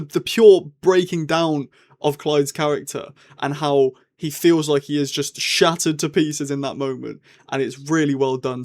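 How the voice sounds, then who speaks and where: Brief: young man, reviewer type, slightly higher voice, rambling and chatty, casual review monologue. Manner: chatty and rambling, with lively swings in tone.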